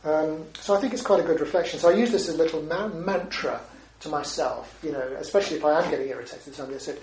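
A man's voice: on the high side, rapid-fire, a little mellow, a little hiss or hum. A man, a Buddhist teacher giving a talk, speaking conversationally and often closing points with questions like "isn't it?". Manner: conversational, with frequent tag questions. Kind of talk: dharma talk. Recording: roomy echo, distant mic, faint ambience.

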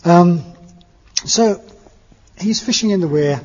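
Breathy man giving a dharma talk. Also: a little high, expressive, normal speed, a little mellow. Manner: conversational, seeking agreement with tag questions. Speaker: Buddhist teacher. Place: meeting hall with a live audience. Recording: dull lo-fi recording in an echoey hall.

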